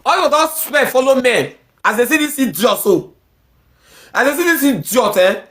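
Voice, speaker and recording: A woman's voice: fairly high pitch, sing-song, normal speed, fairly bright tone. A woman with a Nigerian accent ranting angrily in heated social media commentary. She repeats herself often and mixes pidgin with English.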